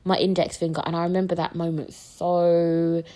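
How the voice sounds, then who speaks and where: A young woman hosts her podcast and tells stories casually. She is animated and slips into the voices of the people she quotes. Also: on the low side, normal speed. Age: young adult. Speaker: podcast host. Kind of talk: casual storytelling.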